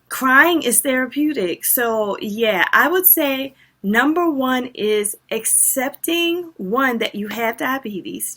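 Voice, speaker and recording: A woman's voice: a little high, fairly bright tone. A woman vlogger talking casually and earnestly to her viewers, speaking directly and with emphasis. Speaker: diabetes lifestyle vlogger. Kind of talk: casual talk to camera.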